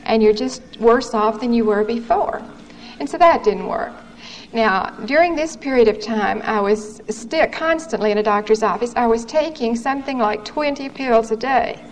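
Woman, 30s, earnest testimony, higher voice, faint noise on a 1970s recording. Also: moderate pace, poor audio. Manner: earnest, candid storytelling with quoted dialogue. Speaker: testimony speaker. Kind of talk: personal testimony.

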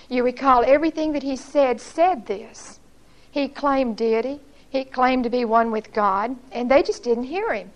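A middle-aged woman leads a Bible study lesson in a church. Her voice sits a little high, and she explains each point earnestly. She keeps asking her listeners to recall what they studied before. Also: low-quality recording.

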